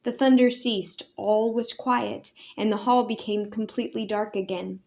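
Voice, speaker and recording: A woman's voice: mid-range voice, fairly even intonation, normal speed, creaky, darkish tone. Woman reading a storybook aloud. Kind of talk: storybook read-aloud narration.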